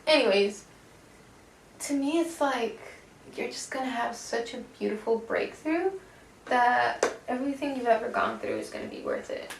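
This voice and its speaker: Woman tarot reader, casual and slangy with some swearing; fry in a higher voice, faint background noise. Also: normal speed. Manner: chatty and slangy, swears, calls listener baby. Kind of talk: casual pick-a-card tarot reading. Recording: echoey room, distant mic, faint noise.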